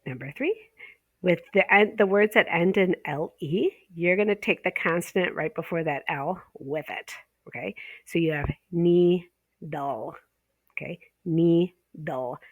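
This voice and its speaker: A woman teaching pronunciation online explains things one step at a time, punctuating her points with "okay?" and stretching example words out slowly. She's an ESL teacher trainer with a lowish, expressive, slightly breathy voice, heard over phone-quality sound with no room sound.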